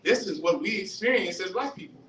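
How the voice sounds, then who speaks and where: A man giving a fiery street-style religious lecture, animated, questioning the audience and acting out voices. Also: high-pitched, fairly quick. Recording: roomy, distant mic, faint hiss.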